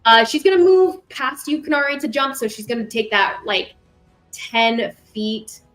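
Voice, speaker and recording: A woman's voice: a little high, expressive, a little slow, fairly bright tone, faint music behind, poor audio. A woman narrating as game master of a tabletop game, rambling, correcting herself and adding sound effects.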